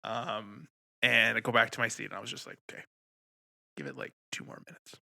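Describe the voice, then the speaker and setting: Bright-voiced man telling a story. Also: lowish voice, fairly quick, vocal fry, no room sound, clean studio sound. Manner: animated storyteller, swears freely. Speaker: podcast co-host. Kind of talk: casual podcast chat.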